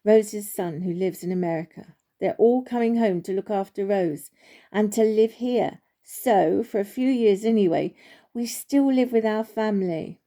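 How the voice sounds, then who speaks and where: A woman's voice: medium pitch, normal speed, lightly acted. A woman voicing a wise, kind old male oak tree who speaks kindly but firmly. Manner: kind but firm, gently scolding.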